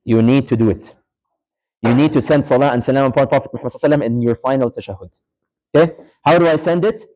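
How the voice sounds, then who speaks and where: A man's voice: mid-range voice, rapid-fire, a little mellow, a little hiss or hum, rough recording. A man teaching a live class in a mosque, casually walking students through a prayer demonstration and quizzing them as he goes. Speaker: Islamic studies teacher.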